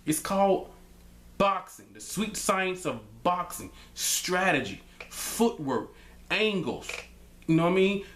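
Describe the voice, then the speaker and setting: A man giving his opinions in a casual vlog, loose and conversational, with lots of filler phrases, rising higher and more emphatic when he makes a point. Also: animated, slow pace, a bit bright. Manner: loose and conversational, many "man" and "you know what I mean" fillers. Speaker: vlogger giving fight commentary.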